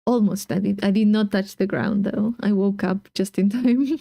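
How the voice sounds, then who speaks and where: A woman's voice: medium pitch, steady tone, moderate pace, gravelly, warm tone, no echo, clean studio sound. A young woman streaming a game, chatting in a giggly, rambling way. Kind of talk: casual let's-play commentary. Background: faint game music.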